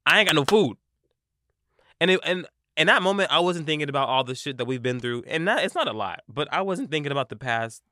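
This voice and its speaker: A young man co-hosting a podcast, telling an animated, profane story in casual chat. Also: a little high, fast talker, hardly any pauses, no room sound, clean studio sound. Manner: animated, profane, replays his own quotes. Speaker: podcast co-host.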